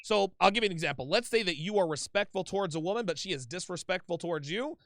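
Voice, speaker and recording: A man's voice: high voice, animated, fast talker, a bit bright, no room sound. A man hosting a call-in advice show, talking bluntly and emphatically with plenty of swearing. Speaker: host taking calls.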